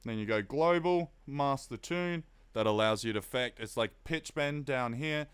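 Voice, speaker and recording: A young Australian man, a bit tired, casually explaining synth sounds on a live stream, chatty and quick to laugh. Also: mid-range voice, clean tone, no room sound. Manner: relaxed, chatty, reads chat aloud, laughs often. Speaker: music producer streaming.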